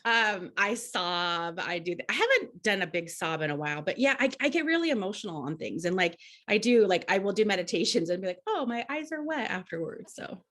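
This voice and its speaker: A woman's voice: on the low side, expressive, a little fast, few pauses, fairly bright tone. A woman co-hosting a podcast, chatting casually about astrology and feelings in a talkative style with many "like"s and restarts. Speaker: podcast co-host.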